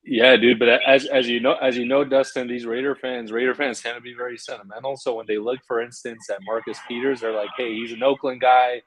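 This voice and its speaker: A man co-hosting a sports fan roundtable, speaking in a calm, measured, agreeable way. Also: mid-range voice, no echo, poor audio. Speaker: podcast co-host. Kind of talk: casual fan roundtable talk.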